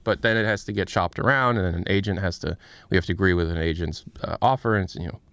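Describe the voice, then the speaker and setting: Man from the US, livestream host, lowish voice, smooth, frank, rambling, dry close sound. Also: quick pace, fairly bright tone, no echo. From United States. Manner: rambling, self-interrupting, frank. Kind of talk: casual livestream commentary.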